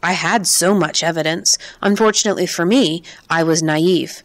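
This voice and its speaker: A woman reading the lines of a frail, grieving old man who speaks quietly and slowly in an audiobook. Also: on the low side, natural voice. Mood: weary. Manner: quiet, measured.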